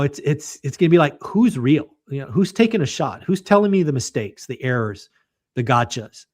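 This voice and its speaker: A man hosting a podcast in casual conversation, speaking in a measured, reflective way with some filler words. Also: medium pitch, a little mellow. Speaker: podcast host.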